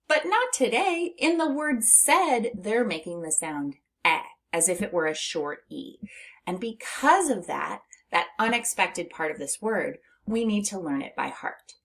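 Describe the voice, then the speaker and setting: A middle-aged woman teaching a phonics lesson to young children, patient and encouraging, stretching words out slowly and laughing lightly between steps. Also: lowish voice, expressive, creaky, a bit bright.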